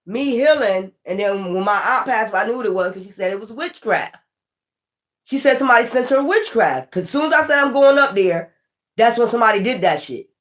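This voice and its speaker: A woman doing a casual tarot reading, animated and profane, laughing often and talking straight to the viewer. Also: on the high side. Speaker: tarot reader.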